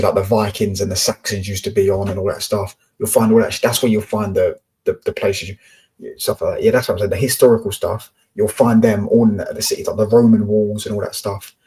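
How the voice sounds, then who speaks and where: A man's voice: fairly low pitch, darkish tone, slightly rough. A young Englishman from Peterborough chatting casually as a podcast co-host, rambling, sweary and blunt. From Peterborough, England. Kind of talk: casual chat.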